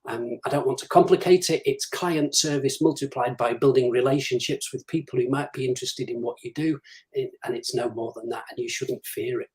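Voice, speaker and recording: Guesting on a live-streamed interview, a man speaks briskly in a medium-pitched, slightly mellow voice, though the audio is poor. His talk is practical business development advice, with his clients' questions acted out.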